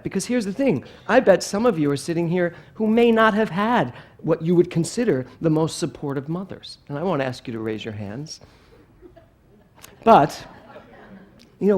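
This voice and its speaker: A male pastor from Philadelphia giving a sermon, animated and playful, telling stories. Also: fairly high pitch. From Philadelphia, USA.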